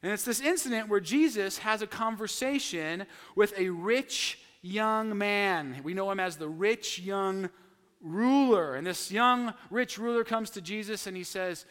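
Male pastor, high voice, animated storyteller, church hall reverb. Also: unhurried, clear, resonant tone. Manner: animated storytelling, acting out quotes. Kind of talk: sermon.

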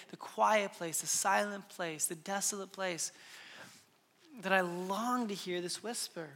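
A man's voice: high-pitched, bright, forceful tone, big-room sound. A man in his thirties preaching a sermon earnestly, with frequent restarts and sudden drops to a whisper. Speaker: pastor.

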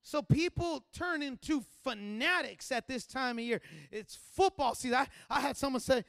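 A man preaching a sermon as a pastor, moving from chatty asides to loud, fervent passages. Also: very high-pitched, moderate pace, gravelly, few pauses, smooth, no echo, studio quality.

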